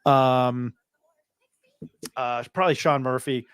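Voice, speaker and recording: A man hosting a relaxed sports show, meandering through an anecdote full of "um" and restarts. The sound is dry and close. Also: mid-range voice, slow pace, clear, resonant tone, no echo. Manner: rambling, loses his train of thought. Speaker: podcast host. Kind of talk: casual sports chat.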